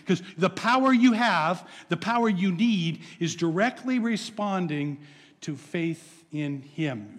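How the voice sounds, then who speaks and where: A man's voice: high-pitched, in a large hall. A male pastor preaching an earnest, encouraging sermon, often repeating words as he goes.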